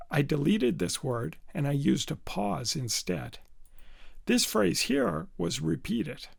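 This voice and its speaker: A middle-aged man gives a business communication lesson, explaining carefully and slowing to demonstrate phrasing. His voice sits a little high for a man and is strongly gravelly, with a husky grain. The sound is dry and close. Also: no echo. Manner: clear, deliberate teaching delivery with slowed demonstration readings. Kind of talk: instructional video lesson.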